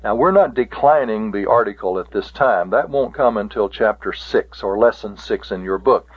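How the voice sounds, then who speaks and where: A man teaching a Greek grammar lesson on tape, slow and deliberate, stopping to spell out word forms. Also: fairly low pitch, slightly rough. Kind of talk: recorded taped lecture. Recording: tinny lo-fi tape.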